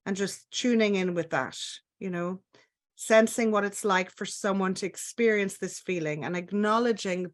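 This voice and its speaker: A woman with an Irish accent guiding a self-compassion exercise in a gentle, soothing, unhurried way, speaking over a video call. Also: mid-range voice. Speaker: webinar presenter.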